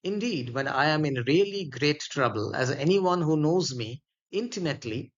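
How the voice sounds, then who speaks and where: Algernon, a man reading as a languid, flippant young gentleman, unbothered and witty, in a plain read-aloud delivery. The voice sits slightly high. The recording is muffled and lo-fi. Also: expressive, normal speed, lightly acted. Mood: airy, flippant.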